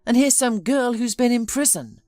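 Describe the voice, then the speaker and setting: A woman's voice: fairly high pitch, lively intonation, normal speed, dark tone, dry recording, clean studio sound, soft background music, pitched above the performer's own voice, lightly acted. A woman voicing a tired, impatient businessman son who talks in a dismissive way. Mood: weary.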